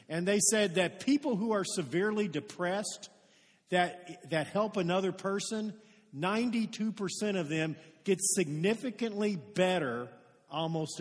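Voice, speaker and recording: Male pastor, high voice, earnest sermon in a church hall with long reverb. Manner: earnest storytelling, rising to emphatic peaks. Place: church sanctuary.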